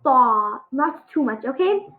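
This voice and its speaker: A woman giving a casual pronunciation lesson on letter sounds, halting and full of fillers, encouraging her students. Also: high voice, lively intonation. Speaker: Arabic alphabet teacher. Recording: echoey, tinny phone-like sound.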